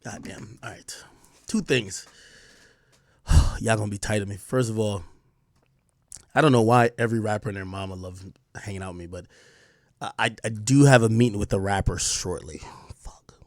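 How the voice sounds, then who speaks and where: A man hosting a live stream, telling a story in animated casual talk with swearing and laughter. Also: fairly low pitch, moderate pace, long pauses, no room sound, studio quality.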